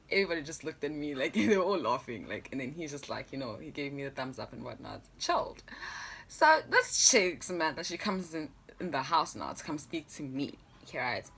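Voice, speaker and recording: A woman's voice: low-pitched, animated, moderate pace, creaky, fairly bright tone, husky. A young adult woman telling a story in a casual vlog, chatty and laughing often, with plenty of fillers. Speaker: vlogger.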